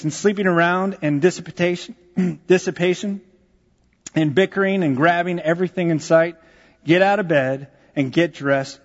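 A young man preaching a sermon as pastor, swinging from quiet asides to loud, emphatic lines. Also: on the high side. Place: church sanctuary. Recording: dull sound, long hall reverb.

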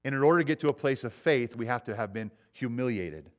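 A man's voice: mid-range voice, quick pace. A man preaching a sermon in a conversational way, acting out quoted voices and repeating lines for emphasis. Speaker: pastor.

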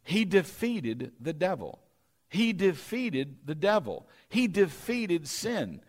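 A man preaching a sermon as pastor, leading the congregation in call-and-response and building to emphatic, louder peaks. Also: high voice, big pitch swings, slow pace.

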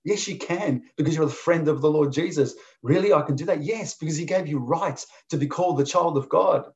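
A man preaching a sermon, emphatic and deliberate, driving points home with repetition. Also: fairly high pitch, muffled recording. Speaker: pastor.

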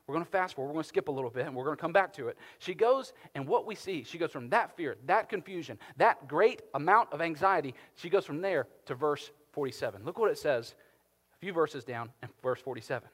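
Animated preacher man, long reverb. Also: a little high, fairly quick. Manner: animated, swings from loud emphasis to hushed tones. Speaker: pastor. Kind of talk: sermon.

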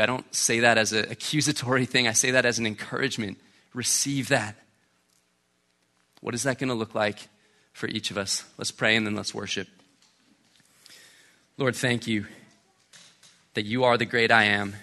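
A man's voice: lowish voice, sharp tone. A man, a pastor, preaching a sermon in a conversational way and often checking in with "right?". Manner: conversational, keeps asking "right?".

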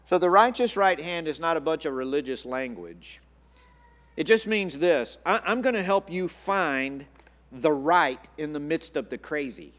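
A man preaches to his congregation in an earnest, searching way, often doubling back on his words. His voice sits a little high for a man. The sound carries a long reverb, as in a church sanctuary. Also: lively intonation, measured pace, fairly bright tone. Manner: earnest, repeats words, restarts phrases. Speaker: pastor. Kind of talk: sermon.

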